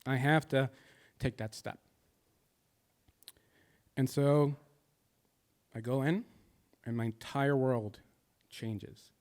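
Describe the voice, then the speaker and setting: A man's voice: mid-range voice, steady tone, slow pace, pauses often, a little mellow. A man in his thirties telling a personal stand-up story, confessional and shifting between jokes and somber moments. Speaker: stand-up comedian.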